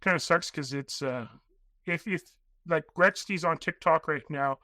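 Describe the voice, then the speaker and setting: A man guesting on a podcast, telling long excited stories in a rambling way and acting out the voices of people he quotes. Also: on the high side, measured pace, no echo. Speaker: podcast guest, documentary filmmaker. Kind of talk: casual interview storytelling.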